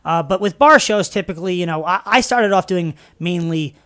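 A man, a comedian guest telling stories in a casual interview, animated and laughing often. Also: high-pitched, brisk. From Long Island, New York. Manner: animated storytelling, laughs often, many fillers and restarts. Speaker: podcast guest, stand-up comedian.

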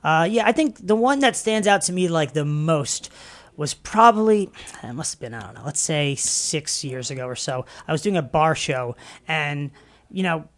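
A man, a comedian guest telling stories in a casual interview, animated and laughing often. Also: fairly high pitch, normal speed. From Long Island, New York. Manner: animated storytelling, laughs often, many fillers and restarts. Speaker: podcast guest, stand-up comedian.

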